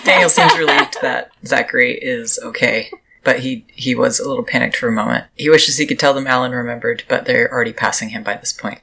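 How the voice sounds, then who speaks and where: A woman playing a tabletop role-playing game, who talks in an animated way. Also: very deep voice, brisk, gravelly, a little hiss or hum. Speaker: player.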